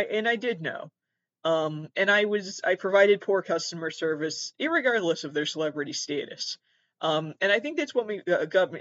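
A man hosting a podcast, ranting in a profane, self-deprecating way, with sudden loud outbursts and mumbled asides. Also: high voice, no room sound, lo-fi sound. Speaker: podcast host. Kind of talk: comedic rant.

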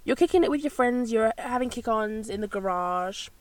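A woman's voice: on the high side, expressive, moderate pace, no echo. Bubbly woman, dry close sound. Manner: bubbly and rambling, with frequent gasps and laughs. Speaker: podcast host. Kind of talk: casual solo chat.

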